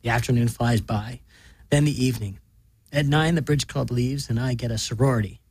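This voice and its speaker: A man reads a short story in a flat, deadpan delivery. His voice is husky, and the recording is dry and close, with no room around it. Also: medium pitch, fairly quick, dry recording. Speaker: narrator.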